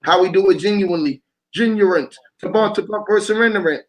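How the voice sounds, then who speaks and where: A man with a high, light voice talks in a freestyle monologue. He drifts from word to word and chants repeated sounds in a loose stream of wordplay. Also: fairly quick. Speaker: vlogger.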